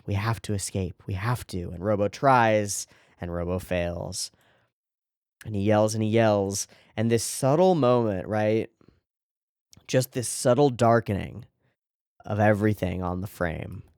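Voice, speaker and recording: A man's voice: on the low side, a little mellow, no echo, clean studio sound. A man hosting an anime reaction show, talking through an episode in casual commentary, enthusiastic, swearing freely and often restarting his sentences.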